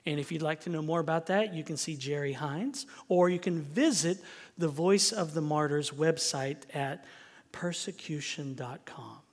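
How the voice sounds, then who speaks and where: A male pastor giving a conversational, joking sermon, now and then dropping to a soft near-whisper. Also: on the high side, moderate pace, in a large hall.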